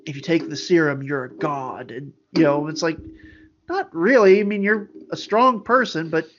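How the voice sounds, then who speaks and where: A man's voice: fairly high pitch, moderate pace, fairly bright tone, slight background noise. A man co-hosting a podcast, chatting casually and rambling animatedly with many fillers. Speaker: podcast co-host. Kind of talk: casual chat. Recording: dull lo-fi audio.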